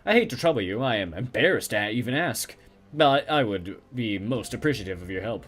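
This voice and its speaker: Man voicing a courteous, scheming café owner in a game, formal, accented, lively pitch. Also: brisk. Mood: smooth persuasion. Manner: exaggerated formal, put-on Turkish-style accent. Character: male Turkish café owner, polite, scheming fixer.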